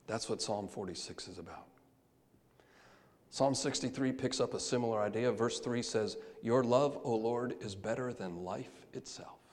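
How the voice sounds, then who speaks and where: A man preaching a sermon, moving between soft, hushed lines and loud, emphatic calls. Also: mid-range voice, moderate pace. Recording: long hall reverb.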